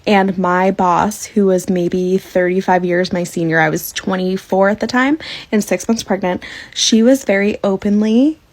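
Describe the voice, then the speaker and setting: A woman's voice: mid-range voice, fairly even intonation, unhurried. Indignant middle-aged woman telling a story. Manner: emphatic, indignant retelling. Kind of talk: casual storytelling vlog.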